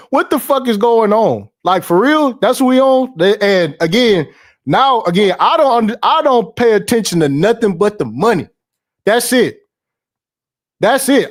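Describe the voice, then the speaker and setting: A young man hosting a casual stream, ranting in heavy slang with lots of swearing, repeats and laughs. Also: sits high. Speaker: podcast host. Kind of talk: casual livestream rant.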